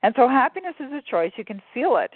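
A woman author telling stories in a relaxed interview, with frequent fillers and laughter. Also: high voice, quick pace, dry recording. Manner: animated storyteller, many fillers and laughs. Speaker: guest author. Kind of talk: casual conversational interview. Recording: phone-like dry line.

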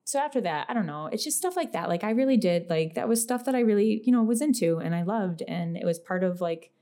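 A young woman from Western New York telling stories in casual, profane podcast chat, acting out quotes with lively energy. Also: medium pitch. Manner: animated, profane, quick storytelling with acted quotes. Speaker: podcast guest.

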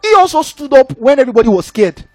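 A young man preaches with a high, bright voice, and he talks fast. He keeps asking the room if they follow, animated and conversational. Soft music sits faintly underneath. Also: no echo. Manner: animated, conversational, frequent rhetorical checks. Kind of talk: sermon.

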